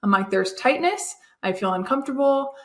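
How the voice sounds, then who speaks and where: Young woman, kinda high voice, chatty storyteller, laughs a lot. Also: expressive, normal speed. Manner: chatty, laughs often, acts out quoted voices. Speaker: guest, new mom. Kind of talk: casual storytelling.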